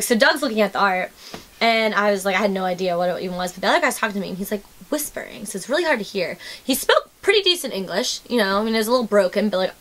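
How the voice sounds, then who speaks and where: A woman's voice: mid-range voice, a bit bright. A young woman hosting a casual chat, telling stories and acting out the voices of the people in them. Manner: chatty storyteller who acts out the voices in her stories. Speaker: host.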